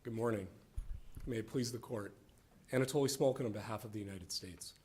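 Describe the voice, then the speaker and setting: A man representing the government opens his argument before an appeals court. His voice sits fairly low. He speaks in a formal, deliberate way. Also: a little mellow. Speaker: government attorney.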